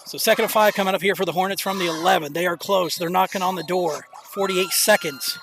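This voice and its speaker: A young man calling a live high school football game as play-by-play commentator, excitable, openly nervous and rooting for his team. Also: quick pace, vocal fry. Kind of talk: live local sports commentary. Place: outdoor stadium bleachers. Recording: noisy outdoor stadium stream.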